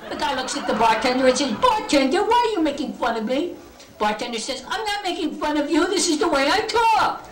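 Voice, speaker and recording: A woman's voice: high-pitched, big pitch swings, fairly quick, roomy sound, heavy background noise. A woman voicing a wisecracking puppet comedian who tells bar jokes and mimics the characters in them. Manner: joke-telling, mimics bar patrons with shifting voice.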